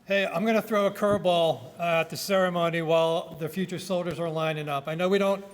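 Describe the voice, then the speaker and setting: A man with a New York accent, an army officer giving a formal ceremonial address in a measured, projecting way into a microphone. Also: fairly high pitch, steady tone, big-room sound. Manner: projecting, measured delivery with listed phrases. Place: indoor government building hall. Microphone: speaking into a microphone.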